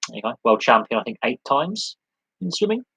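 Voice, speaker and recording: Husky man chatting about sport. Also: medium pitch, animated, a little fast, bright, forceful tone, no echo, low-quality recording. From United Kingdom. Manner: rambling, conversational, with many restarts and lists. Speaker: sports podcast host. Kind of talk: live podcast Q&A talk.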